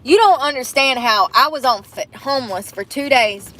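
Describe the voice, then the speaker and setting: A woman's voice: sits high, expressive, moderate pace, sharp tone. A young woman venting and swearing to her phone camera from inside a parked car during rain. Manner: frustrated, swearing, ranting. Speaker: vlogger living in her car. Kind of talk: venting vlog.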